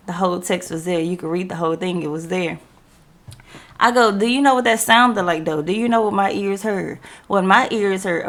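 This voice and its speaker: A woman's voice: mid-range voice, vocal fry, fairly bright tone. A young woman hosting a podcast, telling a story in casual slangy talk and acting out the quoted dialogue. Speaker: podcast host.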